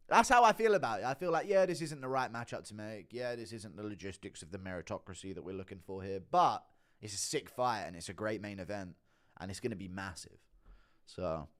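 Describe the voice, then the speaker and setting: A man's voice: fairly low pitch, expressive, fairly quick, fairly bright tone. A man doing casual live-stream commentary, swearing often, laughing a lot and talking to his chat. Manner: giggly, profane, talks to chat.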